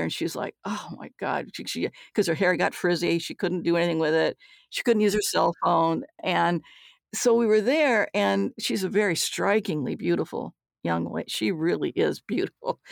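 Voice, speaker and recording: Gravelly, forthright older woman. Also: lowish voice, no echo, clean studio sound. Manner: forthright, acts out quoted dialogue. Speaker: guest author and psychologist. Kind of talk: candid storytelling interview.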